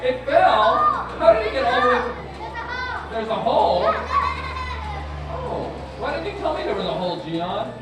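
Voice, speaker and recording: A man's voice: very high voice, normal speed, long pauses. Male kids' magician, bouncy sing-song patter, mock-shocked asides; distant echoey live take with a crowd. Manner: playful, animated, chanting and mock-surprised. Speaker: children's magician. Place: live show at an orchard.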